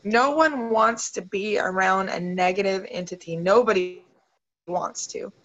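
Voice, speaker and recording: A woman's voice: mid-range voice, unhurried, a bit bright, dull audio. A woman hosting a motivational video call, upbeat and emotional as she talks straight to her group.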